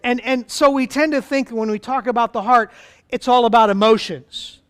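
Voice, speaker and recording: Middle-aged male pastor, high resonant voice, chatty sermon with asides. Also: moderate pace, a bit bright, smooth. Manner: conversational preaching with asides and acted-out voices.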